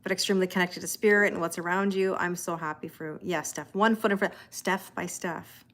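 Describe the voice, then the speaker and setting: A woman's voice: on the low side, fairly even intonation, fairly quick, a bit bright. A Canadian woman with a Canadian accent, hosting a tarot livestream in casual chat and greeting viewers by name as she reads their comments aloud.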